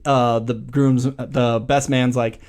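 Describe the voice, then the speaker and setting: A man hosting a podcast, casually recapping a film's plot with animated storytelling, swearing and acting out quoted lines. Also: mid-range voice, slow pace. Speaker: podcast host.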